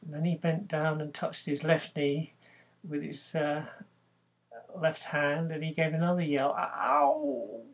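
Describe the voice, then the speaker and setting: A man's voice: fairly high pitch, flat delivery, measured pace. A man casually telling a joke as narration, chatty, with fillers.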